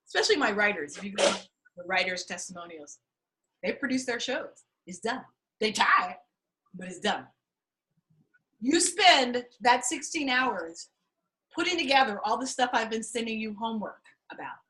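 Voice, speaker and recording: Middle-aged woman coach, high-ish, bright voice, salty and animated teaching pitch. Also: normal speed, rough recording. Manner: candid and profane, animated storytelling. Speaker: acting and fundraising coach.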